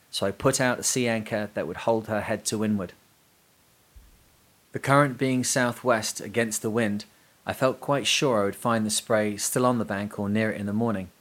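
A male podcast host reading a classic book aloud in a measured, deliberate way. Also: on the low side, fairly bright tone.

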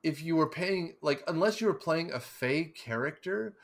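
A man's voice: fairly high pitch, lively intonation, normal speed, gravelly. A man co-hosting a podcast in casual chat, rambling and joking with digressions. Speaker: podcast co-host.

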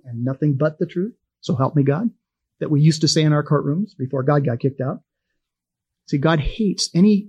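A middle-aged man gives a Bible teaching in a folksy, storytelling manner. His voice is husky and sits a little high for a man. He chuckles easily and keeps it conversational. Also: darkish tone.

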